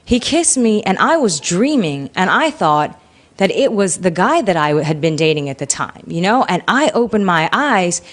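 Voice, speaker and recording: Speaking at a normal pace in a lowish voice, this female interview guest opens up about something painful that happened to her. The retelling is animated and full of emotion.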